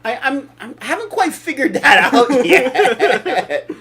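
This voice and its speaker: A man's voice: very high-pitched, sing-song, slow, bright, forceful tone. An older man hosting a casual opinion talk show, blunt and opinionated, rambling with restarts. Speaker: show host.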